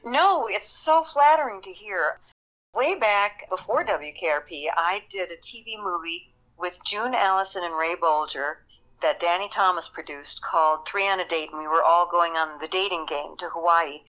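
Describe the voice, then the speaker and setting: An older actress reminiscing in an interview, animated and quick to laugh. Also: female voice, on the low side, lo-fi sound. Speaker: actress guest. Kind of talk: interview storytelling.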